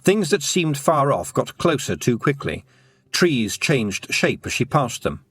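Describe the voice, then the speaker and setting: A man narrating an audiobook in an expressive storytelling manner. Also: medium pitch, a little slow, husky, dry recording.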